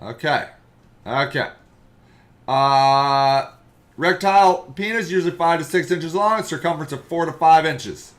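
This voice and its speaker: A man hosting a comedic podcast, reading an article aloud and mocking it loudly. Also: a little high, a little slow. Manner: loud, excitable, mocking, jumps into silly voices. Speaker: podcast host.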